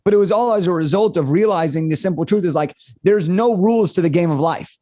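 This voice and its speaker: Energetic young man telling a story. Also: sits high, quick pace, no room sound. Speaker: guest. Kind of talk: storytelling interview answer.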